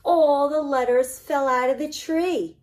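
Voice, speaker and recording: A woman, a children's librarian, reading a picture book aloud to preschoolers with animated, singsong storytelling. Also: high-pitched, measured pace. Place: library program recorded for online viewing.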